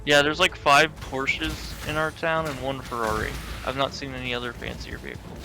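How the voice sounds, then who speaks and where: A man's voice: mid-range voice, little pitch movement, moderate pace, vocal fry, over music. A man streaming a game, rambling and joking in casual chat, swearing freely. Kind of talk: casual chat while gaming. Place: home setup, live stream.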